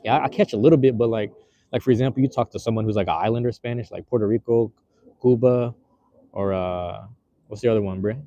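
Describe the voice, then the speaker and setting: Out on the street, a man live-streams from his phone, his fast, mellow voice sitting on the low side. The sound is dry and muffled, and his casual chat with viewers wanders in slangy bursts, thick with fillers and restarts.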